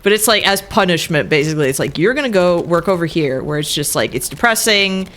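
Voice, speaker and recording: A woman's voice: lowish voice, expressive, fairly quick, fairly bright tone, slight background noise. A woman from northern France, a native French speaker, chatting casually and laughing often while streaming a game. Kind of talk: casual gaming chat.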